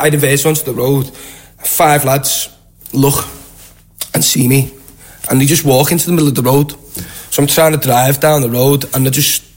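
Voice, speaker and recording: A Liverpudlian man with a Scouse accent, telling animated anecdotes in a casual interview. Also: mid-range voice. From Liverpool, England. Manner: chatty, animated anecdotes with acted-out quotes. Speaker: guest. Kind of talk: casual storytelling.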